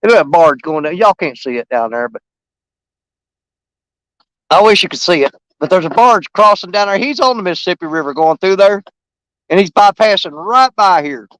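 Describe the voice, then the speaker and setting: A man with a drawl talks to his viewers in a high, excitable voice, folksy and full of enthusiasm. He sits outdoors by a river, and his voice is picked up close and dry. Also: moderate pace, long pauses, no echo, poor audio. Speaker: fishing live streamer. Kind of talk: casual chat to viewers on a live stream.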